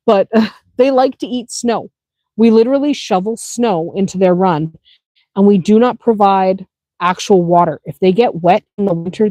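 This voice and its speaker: In a dry recording, a mellow mid-range female voice fields viewer questions about life on her small farm. The explanation is a relaxed Q&A: chatty, practical, full of easy laughter, with "okay?" used to hammer points home.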